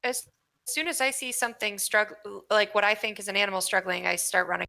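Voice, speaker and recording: A woman's voice: medium pitch, a little fast, vocal fry, pushed and bright. A woman playing a tabletop game, eager and asking about the rules. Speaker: player.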